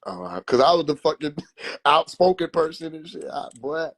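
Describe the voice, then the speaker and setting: A man's voice: a little high, moderate pace. Profane, laughing man telling family stories. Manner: profane, laughing, animated storytelling. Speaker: livestream host. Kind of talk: casual storytelling on a livestream.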